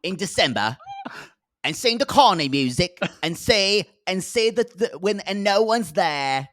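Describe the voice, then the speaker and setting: A man's voice: high-pitched, expressive, a little slow, fairly bright tone, voice pushed up. A man putting on a rambling English accent to mock a man inviting callers, the impression breaking into laughter. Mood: mock dreary. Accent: English, put on.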